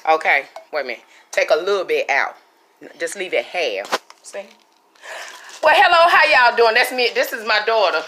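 A woman's voice: mid-range voice, animated, normal speed, background noise. Chatty middle-aged woman vlogging. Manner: chatty, talks to viewers as y'all. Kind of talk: casual home vlog. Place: living room at home.

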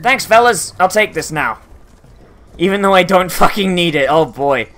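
A man's voice: high-pitched, expressive, normal speed, fairly bright tone, soft background music. A man commentating his gameplay with profane, joking banter. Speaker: gameplay streamer. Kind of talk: let's play commentary.

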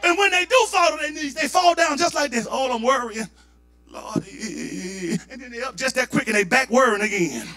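A man preaching a fervent Pentecostal sermon, rising into shouted, impassioned delivery. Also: very high voice, expressive, normal speed, few pauses, faint music behind. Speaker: pastor. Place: church sanctuary.

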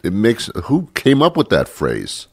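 Stuffy-nosed man with a low voice. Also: measured pace, creaky, slightly rough, no echo, studio quality. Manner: rambling, jokey, animated. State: congested with a cold. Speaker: radio show host. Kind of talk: comedic radio monologue.

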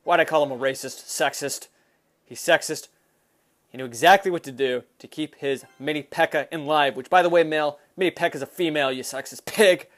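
A man giving excited, fast commentary while playing a mobile game, reacting loudly to every move. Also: fairly high pitch. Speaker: gaming YouTuber. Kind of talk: excited live gameplay commentary.

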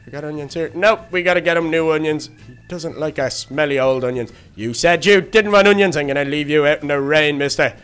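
A man's voice: a little high, brisk, fairly bright tone, smooth, faint music behind, natural voice. A man doing a flustered baby duck. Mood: busy chatter. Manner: chattering to himself, easily flustered. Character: childlike male baby duck, chatty and fretful. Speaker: fast-food worker in a game role-play. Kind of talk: Minecraft role-play.

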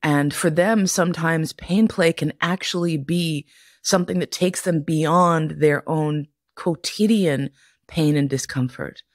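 This podcast host is a middle-aged woman whose low, unhurried voice comes through with studio quality and no echo. Her casual storytelling is profane and frequently punctuated by laughs.

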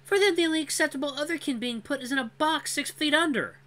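Reader doing a high sharp young she-wolf, sassy, quick-witted, storybook character. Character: clever young female wolf baker, sharp-tongued.

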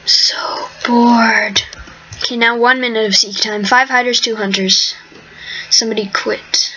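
A woman's voice: fairly high pitch, fairly even intonation, normal speed, bright, forceful tone. A woman hosting her own game video, commenting live on play in a rambling, chatty way and sometimes dropping to a whisper. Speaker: host, gamer. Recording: dull lo-fi mic with faint hiss.

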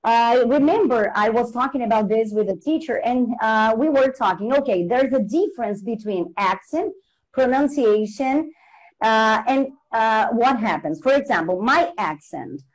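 A woman's voice: fairly high pitch, lively intonation, moderate pace, rough recording. Explaining woman. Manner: explanatory, repeats example phrases, restarts. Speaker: English teacher, guest on a livestream. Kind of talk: casual livestream chat explaining intonation.

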